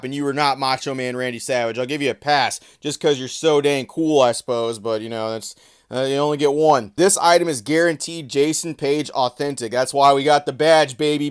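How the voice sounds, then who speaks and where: Male vlogger, slightly high voice, sarcastic and profane, casual commentary. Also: brisk. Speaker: trading card commentator.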